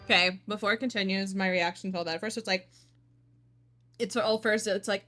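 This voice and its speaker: A woman streamer reacting to a game broadcast in an excitable, gushing way. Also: mid-range voice, fairly quick. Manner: excitable, gushing, mock outrage.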